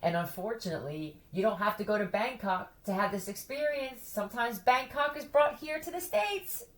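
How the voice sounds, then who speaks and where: A woman's voice: on the high side, lively intonation, normal speed. A woman chatting casually with her viewers, blunt and profane, often breaking into laughter. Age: adult who has a son.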